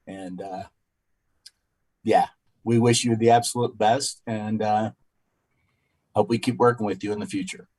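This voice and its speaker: A man, a city councilor, giving an informal tribute at a council meeting, halting with many fillers and restarts. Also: fairly low pitch, fairly even intonation, darkish tone.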